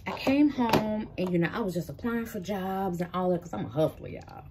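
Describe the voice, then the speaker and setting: Background noise accompanies this Memphis vlogger's personal testimony. She's in her thirties, with an animated mid-range voice at a moderate pace, chatting casually and speaking right to "y'all."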